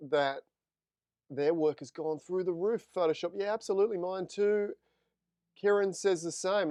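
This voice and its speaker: A friendly male photography instructor leads a live screen-share lesson, talking steps through and replying to viewers. His voice sits a little high and comes across smooth and crisp. The sound is dry and close, with no room echo. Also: darkish tone.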